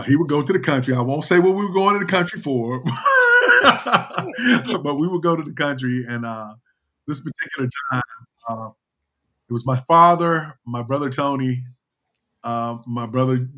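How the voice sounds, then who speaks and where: A man's voice: medium pitch, fairly bright tone, highs cut off. A man on a video call telling a funny family story, chuckling often, full of fillers, and mimicking his relatives. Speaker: guest storyteller.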